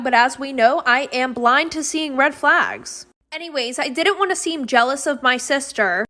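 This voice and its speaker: Young woman, high bright pitch, chatty storytime narrator, dramatic and sarcastic.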